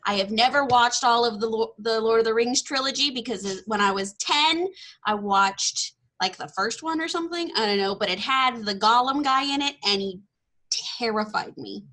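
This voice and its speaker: A woman's voice: a little high, normal speed, pushed and bright. A woman in her twenties from Texas hosting a podcast, chatting casually and laughing often at herself. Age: 20s. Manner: bubbly, laughs often, self-deprecating. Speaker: podcast host. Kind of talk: casual interview chat.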